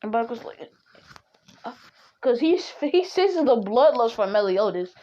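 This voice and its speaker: A woman's voice: a little high, very animated, moderate pace, warm tone, highs cut off. A young woman casually retelling a fan-made story, rambling with lots of fillers and self-corrections.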